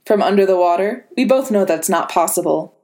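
A woman reads as a cold older male official, smug and condescending, his mid-pitched voice sliding along in a silky, measured way. He lectures and bargains without ever raising his voice. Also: a little mellow, natural voice. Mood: persuasive.

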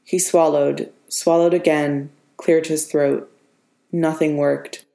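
A woman narrating a story as an audiobook in a steady, measured reading. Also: low-pitched, creaky. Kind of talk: audiobook narration of fan fiction. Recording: roomy reverberant room.

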